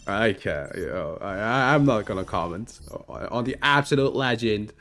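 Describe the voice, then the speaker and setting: A man streaming himself playing a card game, chatting casually in an animated, self-mocking, rambling way full of fillers. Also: on the low side, moderate pace, faint music behind. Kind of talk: casual gameplay commentary.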